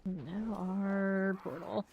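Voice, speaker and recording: A woman's voice: mid-range voice, fairly even intonation, extremely slow, gravelly, narrow, tinny audio, background noise. A young woman streaming a game, chatting casually with viewers, answering chat and laughing easily while she plays.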